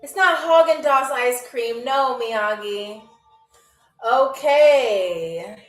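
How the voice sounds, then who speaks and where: A young woman hosting a live-stream trivia game, chatty and playful, teasing viewers by name and repeating phrases slowly. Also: on the high side, a bit bright, roomy sound, soft background music, rough recording. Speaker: game show host.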